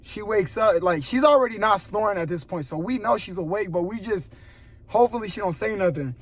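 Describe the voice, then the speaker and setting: High-voiced young man telling an animated story. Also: brisk. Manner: animated, laughing often, drops to a hushed voice for suspense. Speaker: vlogger. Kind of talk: casual storytelling to camera. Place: parking lot at a gym at night.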